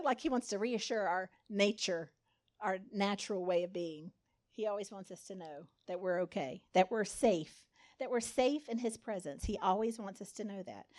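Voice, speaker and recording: A woman speaker in a mid-range, slightly mellow voice delivers a conversational sermon. She dramatizes the quotes of people in the story, acting out their lines with voices.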